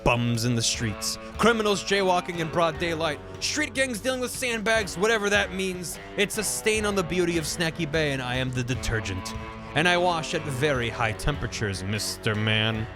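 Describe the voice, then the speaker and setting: A man voicing a pompous, scheming male fish mayor in a video game, speaking low and slow with grand self-importance. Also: animated, music in the background, natural voice. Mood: grandiose.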